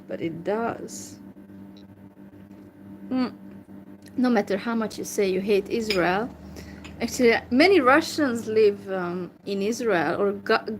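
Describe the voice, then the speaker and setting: A woman's voice: on the high side, slight background noise, poor audio. A woman from Hungary, chatting casually and giving opinions, hesitant and full of fillers and restarts. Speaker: language learner chatting with strangers.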